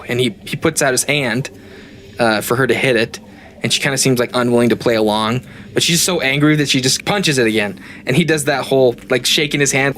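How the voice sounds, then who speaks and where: A man serves as game master, narrating a tabletop game in a relaxed, hesitant way full of fillers. His voice is mid-range and his pace brisk.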